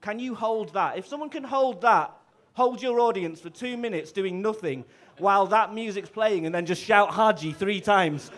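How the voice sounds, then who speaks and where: A man's voice: high voice, moderate pace, fairly bright tone. A man and bandleader chatting and joking between tunes at a live gig, laughing often and stumbling over his words, on a stage microphone. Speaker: bandleader and clarinettist. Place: live music venue.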